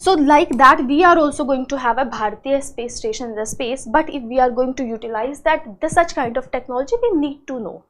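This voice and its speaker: A woman's voice: high voice, fairly quick, hardly any pauses, fairly bright tone. A woman giving an exam-prep lecture, explaining step by step and asking herself questions, often tagging "right?". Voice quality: frequent "right?" and "uh" fillers. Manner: explanatory, asks and answers own questions. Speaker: teacher.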